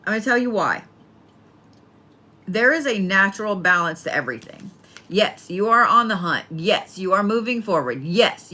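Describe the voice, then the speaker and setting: A woman's voice: medium pitch, bright, forceful tone. A woman giving a casual spoken horoscope reading, talking bluntly and playfully with plenty of swearing. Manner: blunt, profane, chatty, playful. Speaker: tarot and astrology reader.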